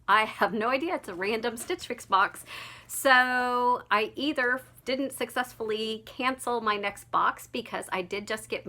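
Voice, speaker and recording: Bright-voiced chatty woman. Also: mid-range voice. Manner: gushing, chatty, laughs often. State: slightly out of breath after walking dog. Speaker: vlogger. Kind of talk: casual unboxing vlog.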